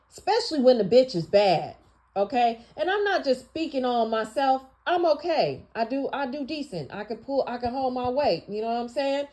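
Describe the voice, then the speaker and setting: A woman hosting her channel, delivering a blunt, profane, scolding rant that swings between loud outbursts and quiet asides. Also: high-pitched. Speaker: channel host. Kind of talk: casual rant monologue.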